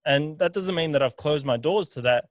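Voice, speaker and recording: A man's voice: a little high, normal speed, dry recording. A man in his thirties, a business owner telling his story on a podcast, often repeating words as he thinks. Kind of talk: casual podcast chat.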